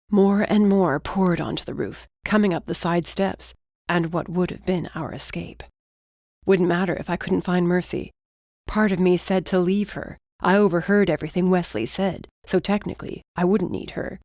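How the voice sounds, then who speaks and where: A low-voiced woman reads an audiobook script calmly and steadily. There's no trace of room sound, and the audio is studio grade.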